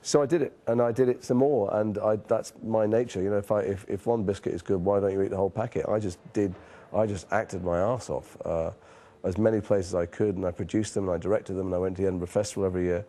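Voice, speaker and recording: Man, northern English accent, forties, deep-ish mellow voice, candid self-deprecating interview anecdotes. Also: fairly even intonation, fast talker. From northern England. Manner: frank, self-deprecating storytelling with casual swearing. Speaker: actor being interviewed.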